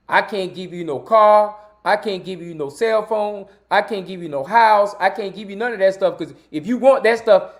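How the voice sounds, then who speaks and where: A man hosting his own live-streamed talk show, speaking in a preachy, repetitive way and pleading with his viewers. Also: high voice. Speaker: livestream show host. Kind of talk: live-streamed commentary monologue.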